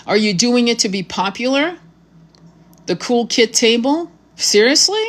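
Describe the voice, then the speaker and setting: A woman's voice: on the high side, animated, a little slow, fairly bright tone. Blunt, profane woman tarot reader. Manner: spiritual vocabulary. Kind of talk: casual monologue to camera.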